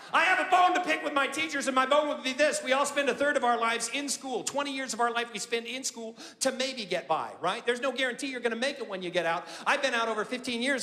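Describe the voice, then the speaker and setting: A man with a very high voice does stand-up, teasing audience members and building to punchlines. His voice echoes with a long hall reverb, and a loud crowd and heavy noise sit behind him. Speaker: stand-up comedian. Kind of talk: stand-up routine.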